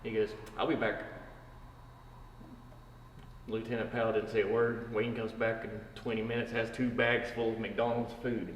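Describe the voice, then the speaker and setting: Soft-spoken man, echoey hall. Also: on the low side, flat delivery, normal speed, pauses often, far from the mic, a little hiss or hum. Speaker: firefighter. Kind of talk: casual storytelling.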